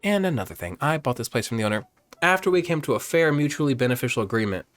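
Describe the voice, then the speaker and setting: A man's voice: mid-range voice, sing-song, fast talker, a bit bright, no room sound, voice pushed up. Curt, defensive game editor woman, voiced by a male player.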